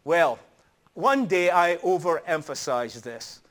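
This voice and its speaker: A man's voice: a little high, lively intonation, slow pace, a bit bright. A middle-aged man preaching a sermon in an earnest, emphatic storytelling manner.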